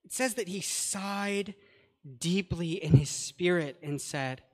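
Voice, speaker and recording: A man's voice: sits high, slow, a little mellow. A man preaching a sermon, earnest and conversational, adding plain paraphrases and asides to the scripture he reads. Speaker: pastor. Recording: long hall reverb.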